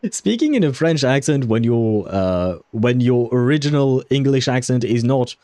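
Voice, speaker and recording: A man's voice: mid-range voice, animated, measured pace, dark tone, no room sound. A man streaming a game, chatting casually in a rambling, filler-heavy way and laughing often. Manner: swears when frustrated. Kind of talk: casual gaming commentary.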